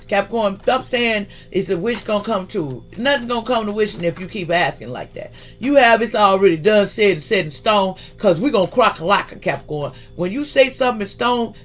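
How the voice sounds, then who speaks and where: A man's voice: high voice, slight background noise. A man giving a casual tarot reading, emphatic and preachy, often repeating his phrases. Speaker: tarot reader.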